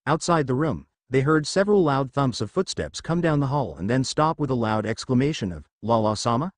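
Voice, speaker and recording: A man narrating a fan fiction story in an expressive reading style. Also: mid-range voice, a little fast, no echo, clean studio sound.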